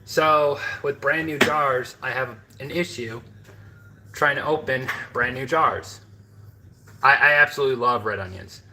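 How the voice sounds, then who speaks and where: A man's voice: medium pitch, measured pace, bright, forceful tone, a little hiss or hum, low-quality recording. A man from the American Midwest, chatting casually to his viewers from his home kitchen, rambling with lots of fillers and asides. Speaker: home cooking vlogger.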